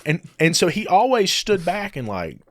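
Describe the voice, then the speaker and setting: Male podcast co-host, lively storyteller with a swinging pitch, dry close sound. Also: moderate pace, dry recording. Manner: animated storyteller who acts out quoted people. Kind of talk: casual podcast chat.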